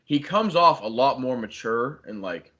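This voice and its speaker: A man's voice: medium pitch, expressive, a little slow, pushed and bright. A young man, a podcast co-host, animatedly retelling a story in casual chat, swearing a lot and saying "like" constantly.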